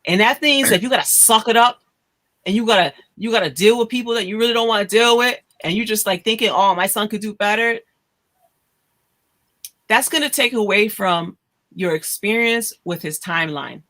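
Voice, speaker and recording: A woman's voice: fairly high pitch, brisk. A woman hosting a casual podcast chat, telling stories and acting out the voices of people she quotes. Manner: animated storyteller, acts out quoted voices. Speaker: host.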